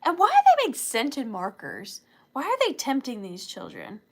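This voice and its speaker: A woman's voice: sits high, huge pitch swings, normal speed, breathy edge. A woman hosting a live online sale, chatting casually with viewers in a giggly, joking way. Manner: chatty and giggly, jokey asides.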